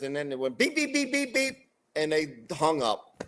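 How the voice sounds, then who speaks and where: Middle-aged guy ranting and cussing on a podcast, kinda high voice. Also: normal speed. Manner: profane, animated ranting storyteller. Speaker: podcast co-host. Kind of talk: casual chat, storytelling.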